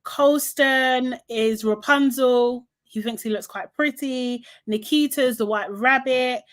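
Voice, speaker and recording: Speaking slowly in a high voice, this podcast co-host chats her way through a reality show recap. Laughter comes frequently, and she performs quotes along the way.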